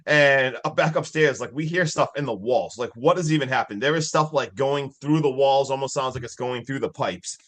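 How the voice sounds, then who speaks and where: A man co-hosting a podcast, excitedly retelling a horror movie plot in casual chat, full of fillers and swearing. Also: medium pitch, normal speed, hardly any pauses. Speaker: podcast co-host.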